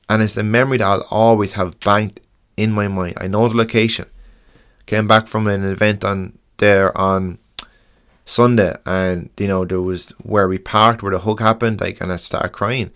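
Young Irish male podcast host, slightly low pitch, frank and earnest, halting delivery with restarts. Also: a bit bright. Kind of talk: casual podcast monologue.

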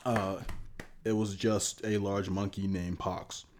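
Deep-voiced man with dry teasing humor. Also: level tone, takes it slowly, heavy background noise. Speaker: podcast co-host and producer. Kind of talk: joking casual chat.

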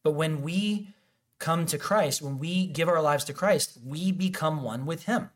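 Guy preaching, kinda high voice, loose and chatty, acts out little scenes. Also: a little slow. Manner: animated, acts out quoted dialogue, frequent restarts and fillers. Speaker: pastor. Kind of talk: casual conversational sermon.

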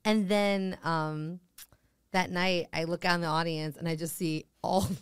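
A woman's voice: on the low side, measured pace, clear, resonant tone, dry recording, studio quality. A woman in her thirties, a comedian guest, telling stories in a casual podcast chat and acting out the voices of people she quotes. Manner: animated storyteller, acts out quoted voices.

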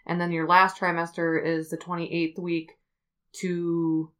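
A woman hosting a podcast, telling a story in a casual, rambling way with many fillers as she thinks out loud. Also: on the low side, monotone, takes it slowly. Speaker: podcast host.

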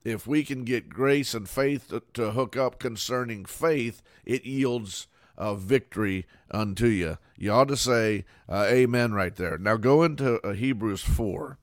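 A man's voice: mid-range voice, measured pace, few pauses, dry recording, clean studio sound. A man preaching a fervent sermon to a camera, with many fillers and repeated words. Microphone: camera mic.

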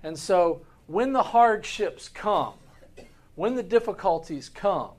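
Earnest pastor teaching a Bible class. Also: male voice, high-pitched, expressive, slow. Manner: earnest, repeats words, asks the class rhetorical questions. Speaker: pastor teaching Sunday school.

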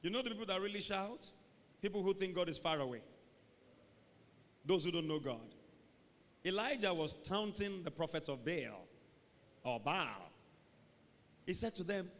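Animated preacher in a big hall. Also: male voice, high voice, moderate pace, long pauses. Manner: animated, acts out voices, shouts for emphasis. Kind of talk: sermon. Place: large church hall. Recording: long hall reverb.

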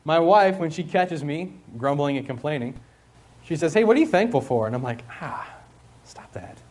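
A man's voice: fairly high pitch, animated, fairly quick, darkish tone. A man preaching a sermon to students at a school, conversational, with rhetorical questions and repeated phrases. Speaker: school chapel speaker.

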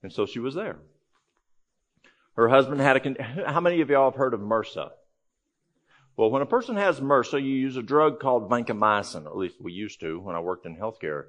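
A man's voice: medium pitch, animated, normal speed, a bit bright, lo-fi sound. A man giving a conversational, folksy talk to a live audience, telling a story with frequent restarts. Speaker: health ministry speaker.

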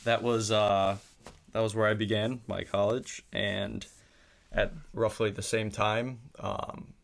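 A young man with a Wisconsin accent talks casually as a podcast guest. His voice sits low with a gravelly fry. He speaks haltingly, with plenty of ums and restarts. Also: level tone. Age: young adult. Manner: halting, with many fillers and restarts.

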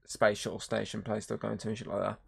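Fairly low-pitched, gravelly and husky, this man talks fast in a level tone as he co-hosts a podcast. The chat is casual, and he rambles, swears heavily, and performs movie scenes in voices as he retells them.

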